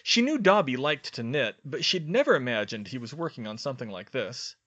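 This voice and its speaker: A man narrates a storybook in a bright, crisp voice at a middle pitch. He reads steadily and evenly. The recording sounds a little dull and lo-fi. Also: very animated, brisk. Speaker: audiobook reader.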